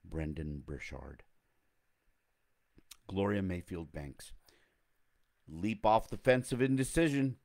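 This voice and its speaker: A man hosting a casual motivational talk, rambling and reflective, often correcting himself mid-sentence. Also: deep voice.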